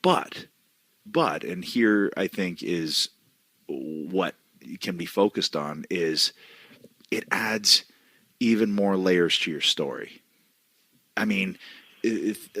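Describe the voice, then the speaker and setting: A man co-hosts a casual interview with a low voice that is husky yet forceful. He reflects aloud, encouraging the guest and restarting his thoughts as he goes. The sound is dry and close. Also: no echo. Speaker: podcast co-host.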